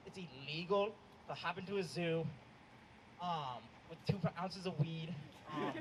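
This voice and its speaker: A young man performs stand-up outdoors in the cold, with a high voice and a hesitant, deadpan delivery full of ums. Noise runs under the whole recording. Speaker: stand-up comedian. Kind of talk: stand-up set.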